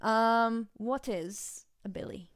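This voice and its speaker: A woman's voice: on the high side, slow, no room sound, clean studio sound. A young woman from Hungary, co-hosting a casual podcast chat and quizzing her friend with trivia. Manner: giggly, quizzing with trivia questions. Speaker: podcast co-host.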